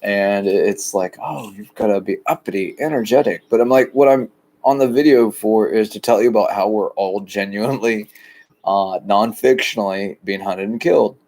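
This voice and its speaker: A man from the rural United States, talking in a rambling, plain, deliberately low-key monologue outdoors by a shed. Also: fairly even intonation, a little mellow. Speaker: vlogger.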